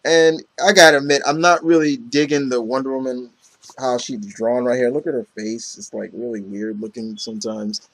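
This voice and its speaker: A man talks through a comic book story in a loose, rambling way, leaning on "you know" and "uh" as he goes. His voice sits at an ordinary pitch, and the sound is dry and close, with no room around it. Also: fairly even intonation, moderate pace, a bit bright, no room sound. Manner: rambling, heavy on fillers, acts out quotes. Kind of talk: casual comic book recap.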